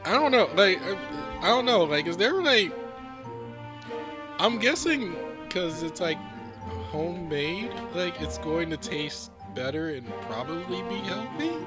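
A man's voice: high voice, animated, unhurried, music in the background. A man commenting on a story game in a playful, incredulous way, laughing often and exclaiming at what he sees. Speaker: gaming video creator.

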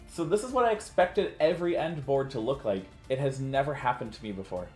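A man's voice: mid-range voice, very animated, quick pace, few pauses, darkish tone. A man chats through a card game match as co-host, rambling along with plenty of filler words. His voice sits in a roomy, echoing space. Faint music plays underneath. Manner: chatty, rambling with many "like" fillers. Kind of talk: casual game commentary. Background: faint background music.

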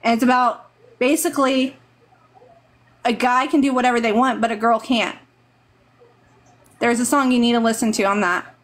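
A woman's voice: fairly high pitch, steady tone, moderate pace, pauses often. Earnest motherly Texan woman. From Texas. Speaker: guest on a live stream. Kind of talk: casual heartfelt advice on a live stream.

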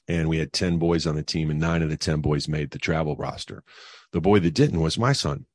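Middle-aged man, extremely deep voice, dry close sound, rambling storyteller, uh-filled casual talk. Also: fairly quick, dry recording. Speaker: podcast guest, financial advisor.

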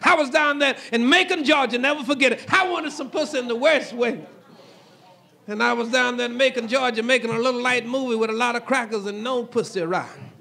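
A man telling a raunchy stand-up story with a loud, shouting delivery. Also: extremely high pitch, a little fast, gravelly. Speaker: stand-up comedian.

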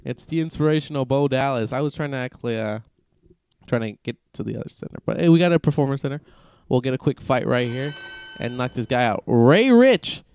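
A young man commentating his own wrestling video game, excitable and joking, swearing often. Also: medium pitch, quick pace, creaky, smooth, no room sound. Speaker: gaming channel host. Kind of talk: casual gameplay commentary.

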